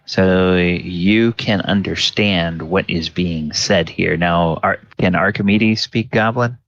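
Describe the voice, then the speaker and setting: A man narrating a tabletop game as dungeon master, halting and full of filler words. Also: low-pitched, a bit bright, dry recording. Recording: dull lo-fi sound.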